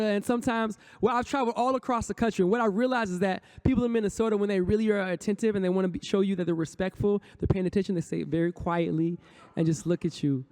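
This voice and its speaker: On a conference hall stage, a man who is a poet and rapper gives a motivational talk in a high, slightly mellow voice. He chants affirmations rhythmically and leads the audience in call-and-response.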